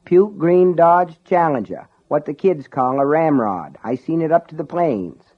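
A man's voice: fairly high pitch, animated, unhurried, narrow, tinny audio, pitched above the performer's own voice. A man voicing a rural local with a drawling Down East Maine accent. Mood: folksy.

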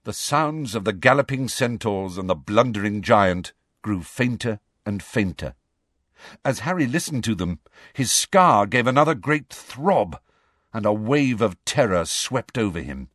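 A man narrating a storybook, expressive and varied, doing character voices. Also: on the low side, measured pace, no room sound, clean studio sound. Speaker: audiobook narrator.

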